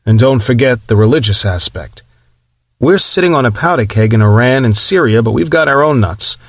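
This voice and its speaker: A wry, outspoken counselor with a New England twang, as a male audiobook narrator reads him. He talks plainly and bluntly at a middle pitch. The recording is dry and close. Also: animated, normal speed, no echo.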